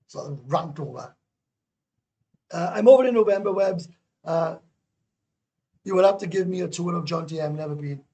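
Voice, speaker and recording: A man on a casual livestream call, chatting in an excitable, rambling way and throwing in swear words and tag questions. His voice sits a little high and has a rough, gravelly edge. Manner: keeps adding tag questions. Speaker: guest YouTuber calling into a livestream.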